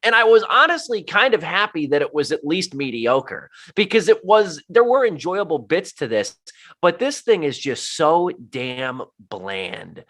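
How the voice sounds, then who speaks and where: A man's voice: a little high, very animated, a little slow, a bit bright. A man co-hosting a movie podcast as a film critic, talking in a casual, rambling way with lots of fillers and restarts. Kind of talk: casual movie review chat.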